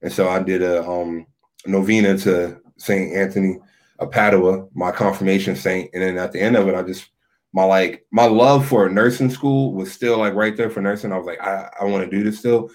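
A man's voice: deep voice, moderate pace. A man, a youth minister, telling his story in a casual podcast chat, loose and full of filler words. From Philadelphia area. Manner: relaxed storytelling, frequent "like" fillers.

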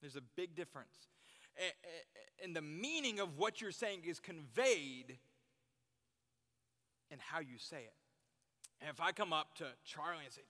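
A man's voice: fairly high pitch, lively intonation, a little slow, pauses often, bright, forceful tone. A young man preaching to a youth group, earnest, repeating his key phrases for emphasis. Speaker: youth pastor. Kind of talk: sermon. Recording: long reverb in a hall.

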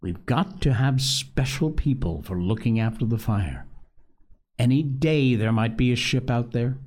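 A man's voice: mid-range voice, measured pace, a little mellow, lightly acted. A man reading aloud, voicing a young boy who takes charge of the group in an urgent, commanding way. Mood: earnest. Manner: raised and urgent.

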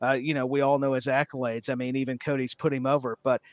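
A man's voice: medium pitch, flat delivery, fast talker, dry recording. A man co-hosting a wrestling podcast, talking at length with enthusiasm, full of fillers and repeated words. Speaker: podcast co-host. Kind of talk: casual wrestling chat.

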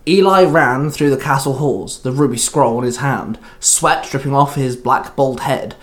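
A man reading his own adventure story aloud, in a plain, steady way with small slips. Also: mid-range voice.

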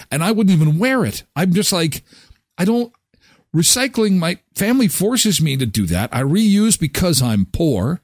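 A man's voice: sits high, sing-song, normal speed, no room sound, studio quality. A middle-aged man hosting a live daily show, chatting casually in a jokey, self-deprecating way. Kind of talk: casual chat.

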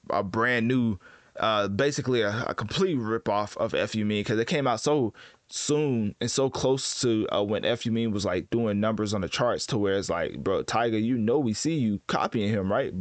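A man giving casual commentary as host, rambling and correcting himself in relaxed slang. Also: on the low side, no echo. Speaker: host ranking rappers.

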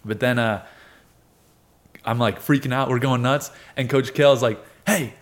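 A man's voice: medium pitch, steady tone, normal speed. Young guy telling a hype story, acts out the quotes, laughs a lot. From United States. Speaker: guest, wrestler and fighter. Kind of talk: casual storytelling interview.

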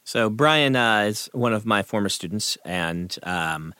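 Lively low-voiced man hosting a podcast. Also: measured pace, dry recording, studio quality. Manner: leads the discussion with questions. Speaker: podcast host and writing teacher. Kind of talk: casual podcast discussion.

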